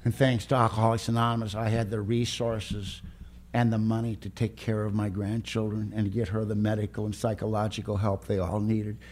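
An older man giving a personal recovery testimony, plain-spoken and emotional, with rough humor. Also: lowish voice, little pitch movement, fairly quick, darkish tone. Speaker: recovery meeting speaker.

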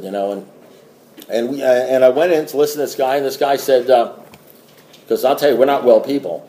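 A man's voice: mid-range voice, a little fast, mellow. A middle-aged man giving a blunt, rambling recovery talk to a group, swearing and repeating himself. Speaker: AA meeting speaker.

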